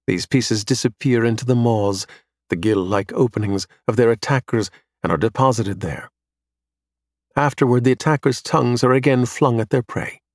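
A man narrates an audiobook in a steady, measured way, his voice mid-pitched. The recording is close and dry, with no room sound. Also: dry recording. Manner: measured, even storytelling.

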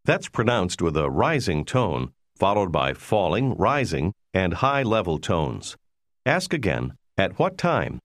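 A man giving scripted instructions in a language course, prompting the listener in a clear, measured way. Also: low voice, huge pitch swings, no echo, studio quality.

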